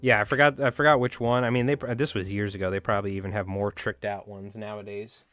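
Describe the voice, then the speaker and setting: Brief: casual male stream host, lowish voice, rambling and profane, soft music underneath. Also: fairly even intonation, fast. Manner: rambling, swearing, chatty, talks to viewers. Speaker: fly tying livestream host. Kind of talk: casual livestream chat while tying.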